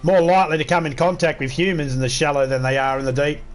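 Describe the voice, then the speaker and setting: A man's voice: fairly high pitch, fairly even intonation, fast. Crude, joking Australian male streamer. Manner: crude, swears a lot, joking. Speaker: gaming livestream host. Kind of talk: casual storytelling chat.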